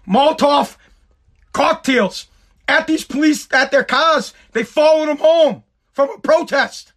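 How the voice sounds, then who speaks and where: A man hosting his own show, delivering an angry, profane rant that often rises into shouting. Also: extremely high pitch, a little slow. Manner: profane, heated, shouting at times. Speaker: show host.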